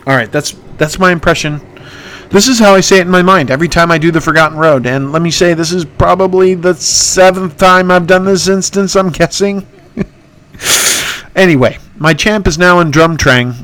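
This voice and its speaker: A man's voice: on the high side, moderate pace, fairly bright tone. A man hosting a casual gaming podcast, rambling and poking fun at himself, with lots of "uh"s. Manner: rambling, self-mocking, many fillers. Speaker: podcast host.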